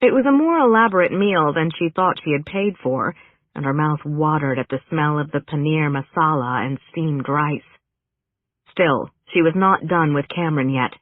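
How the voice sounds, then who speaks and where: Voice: mid-range voice, moderate pace, no room sound. An audiobook narrator reading a story with wry, dry humor. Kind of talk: scripted narration. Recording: narrow phone-like band, dry.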